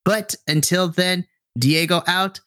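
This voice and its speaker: A man voicing a friendly, easily embarrassed teenage boy who talks quickly and eagerly. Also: sits high, steady tone, pushed and bright, no room sound, studio quality, pitched above the performer's own voice, full character voice. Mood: hurried.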